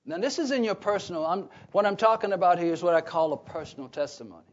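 A man preaching a Bible teaching sermon, emphatic, often pausing on "what?" so listeners fill in the words. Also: sits high. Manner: emphatic, repeats key phrases. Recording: dull lo-fi recording.

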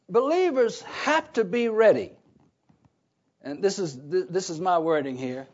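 High-voiced slow preacher, call-and-response. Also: male voice. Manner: leaves gaps with "what?" for listeners to fill in; emphatic, repeats key phrases. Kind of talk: Bible teaching sermon. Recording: dull lo-fi recording.

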